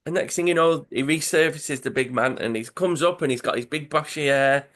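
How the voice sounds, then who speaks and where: A man's voice: fairly high pitch, a little fast. Give me a man on a podcast animatedly retelling a comic story. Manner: animated, acts out characters' lines. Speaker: podcast co-host. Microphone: video call.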